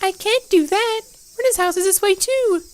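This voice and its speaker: A woman's voice: very high-pitched, moderate pace, rough recording. A woman voicing an eerie teenage girl who stalks a frightened boy, in a sweet, sing-song and menacing way. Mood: creepy sweet. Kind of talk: fan voice acting of a game.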